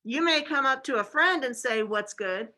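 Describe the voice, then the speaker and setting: A woman's voice: sits high, normal speed, bright, forceful tone, rough recording. A woman teacher giving a casual classroom lecture, chatty and full of fillers like "okay" and "like".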